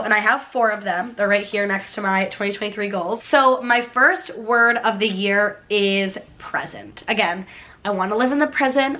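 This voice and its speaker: A woman's voice: a little high, pushed and bright. A young woman vlogging to camera, talking in an earnest, heartfelt way with a frequent "like". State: tearful at moments. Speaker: YouTube vlogger. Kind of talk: casual talk to camera.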